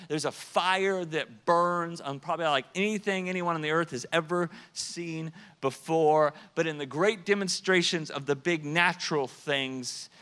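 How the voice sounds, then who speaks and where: A male pastor delivering a sermon with a fairly high voice. He preaches emphatically, slowing down and speeding up for effect, and repeats words as he builds to a point. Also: fairly bright tone. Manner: emphatic, varies pace and volume for effect.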